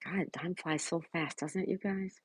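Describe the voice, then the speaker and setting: A woman's voice: fairly low pitch, normal speed, husky, no room sound, rough recording. A middle-aged woman hosting a casual live stream from home, reading viewers' comments and greeting them by name with affectionate chatter. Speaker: livestream host reading chat.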